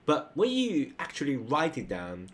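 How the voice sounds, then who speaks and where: A man's voice: a little high, wildly swooping pitch, a little slow. A man teaches a casual online lesson, talking loosely and ending his points with a checking "okay?". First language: Mandarin. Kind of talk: casual screen-share lesson.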